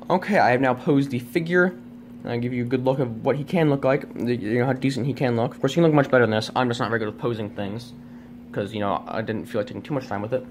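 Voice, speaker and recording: A mid-range male voice over a noisy background belongs to a man casually reviewing a toy at home, unscripted, on a tripod-mounted camera. He rambles, makes fun of himself, and keeps restarting amid plenty of fillers.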